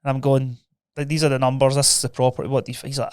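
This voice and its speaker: Fast-talking Scottish man, smooth voice. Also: mid-range voice, little pitch movement, no echo, studio quality. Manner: quick, informal, recounting deals with investors. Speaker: podcast co-host. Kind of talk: casual chat.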